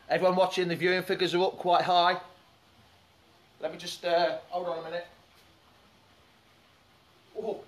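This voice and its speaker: A man hosting a casual live fan stream outdoors beside a swimming pool, chatting loosely and greeting viewers by name as their comments come in. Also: high voice. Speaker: fan show host. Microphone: phone or camera set up by the pool.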